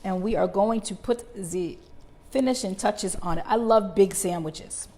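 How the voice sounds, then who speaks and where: A woman's voice: medium pitch, unhurried, warm tone. A middle-aged woman, hosting a live cooking stream from her home kitchen and chatting with viewers. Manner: chatty, addresses viewers as y'all. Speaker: cooking show host. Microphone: connected microphone, moving around the house.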